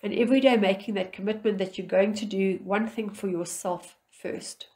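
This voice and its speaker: Calm, firm middle-aged woman coach. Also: medium pitch, normal speed. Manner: firm, calm, instructive, acting out short dialogues. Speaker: relationship coach. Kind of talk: advice talk to camera.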